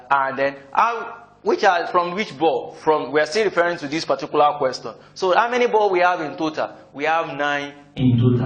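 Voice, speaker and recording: A man's voice: fairly high pitch, fairly bright tone. A man teaching probability, who keeps asking "what?" and then answers himself. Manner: keeps asking the class "what?", answers his own questions. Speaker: math teacher. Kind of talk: classroom lecture. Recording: echoey room, voice slightly distant.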